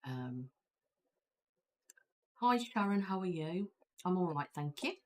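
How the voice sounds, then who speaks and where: A woman's voice: fairly low pitch, very animated, slow, darkish tone. A woman with a British accent, hosting a casual live-stream chat, rambling and reading viewer comments aloud from her chair at home. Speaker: ASMR channel host.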